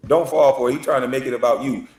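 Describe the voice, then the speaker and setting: A man taunts and mocks in his own video commentary at an ordinary pitch. He sounds set back from the mic in a roomy, echoing space. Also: steady tone, quick pace, darkish tone, far from the mic. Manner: taunting, mocking, trash-talking. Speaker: online commentator.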